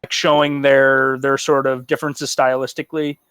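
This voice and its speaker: A man's voice: mid-range voice, flat delivery, moderate pace, fairly bright tone, smooth, no room sound. A man co-hosting a podcast in casual chat, rambling and swearing, with lots of fillers. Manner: loose, profane, rambling with fillers. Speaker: podcast co-host.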